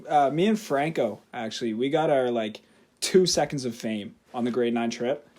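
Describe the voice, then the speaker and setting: A man's voice: medium pitch, normal speed, darkish tone. A young man, co-hosting a podcast, laid-back and laughing often as he swears casually. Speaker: podcast co-host. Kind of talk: casual chat.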